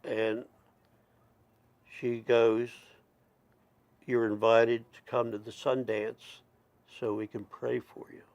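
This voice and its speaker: A middle-aged man tells a long personal story at a slow, unhurried pace. His voice has a gravelly, creaky texture and sounds dry and close. He rambles, stops to restart and wanders into asides. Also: mid-range voice, little pitch movement, darkish tone, no room sound, muffled recording. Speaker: storyteller, Métis chief. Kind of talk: casual spoken storytelling.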